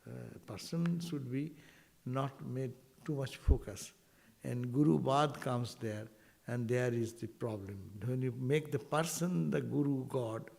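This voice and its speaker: A man giving an informal spiritual talk to devotees, animated and full of rhetorical asides. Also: medium pitch, gravelly. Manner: animated, rhetorical asides, quotes Sanskrit verses.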